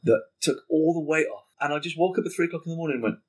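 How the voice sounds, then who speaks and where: A male podcast guest, husky and fairly high-pitched, talks very fast while telling a story. The conversation is casual; he's animated, swearing freely and reenacting what people said.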